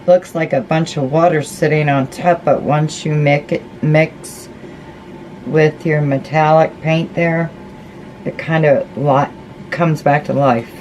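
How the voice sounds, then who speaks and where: A woman with a low voice talks slowly and folksily as she works on a craft project. She chats to her viewers and to herself between tasks. Faint room noise sits under her voice. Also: steady tone, a little mellow, rough recording. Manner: chatty, folksy, talks to herself while painting. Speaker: crafting vlogger. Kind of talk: casual craft tutorial chat.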